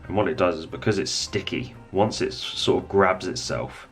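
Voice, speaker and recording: A man with a very low voice talks through a painting tutorial at home. He rambles a little and thinks aloud as he works. Faint music plays behind him. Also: moderate pace. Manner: relaxed, rambling, thinks aloud while working. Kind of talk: casual hobby tutorial.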